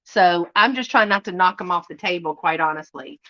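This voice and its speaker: A middle-aged woman from Louisiana with a Southern accent, chatting folksily as she hosts a live unboxing and often drops to a hushed voice. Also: lowish voice, brisk, highs cut off. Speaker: channel host. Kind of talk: casual live unboxing chat. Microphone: live stream setup.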